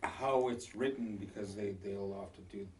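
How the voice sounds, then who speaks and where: A man's voice: lowish voice, normal speed, a little mellow, slightly rough. A man joining a language lesson in casual conversation. He offers examples and often repeats words as he restarts his sentences.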